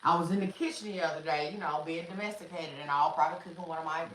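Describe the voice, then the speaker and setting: A woman's voice: low-pitched, quick pace. A woman hosting a casual livestream from her family room, talking straight to viewers on a phone camera she carries around the room. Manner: animated, chatty, talks straight to viewers. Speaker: livestream host. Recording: echoey room with some noise.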